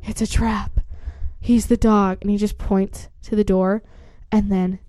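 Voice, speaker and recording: A woman casually retelling a story in a chatty way, full of fillers and quick acted-out lines. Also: mid-range voice, little pitch movement, mellow, no room sound. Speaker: storyteller retelling a book plot.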